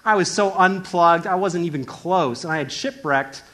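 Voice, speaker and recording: A young man giving a casual, animated sermon, acting out the voices in the story as he retells it. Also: high-pitched, moderate pace.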